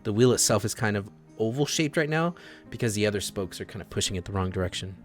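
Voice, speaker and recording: A man's voice: on the low side, fast talker, faint music behind. Man narrating as tabletop game master. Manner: animated storyteller, voices characters.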